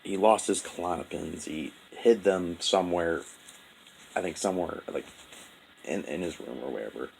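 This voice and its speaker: A young man telling a painful personal story in a halting, profane, heavy-hearted monologue. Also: low voice, vocal fry, darkish tone, a little hiss or hum, low-quality recording. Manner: halting, profane, full of restarts and fillers. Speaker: vlogger.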